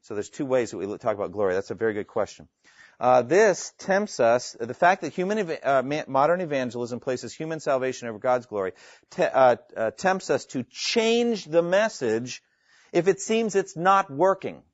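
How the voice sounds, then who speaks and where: A man's voice: medium pitch, very animated, moderate pace, no room sound. Man, Bible teacher, earnest and emphatic, mid-range voice, dry lo-fi recording. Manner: earnest and emphatic, reads scripture aloud and explains it. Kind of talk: Bible teaching to a live class, taking questions.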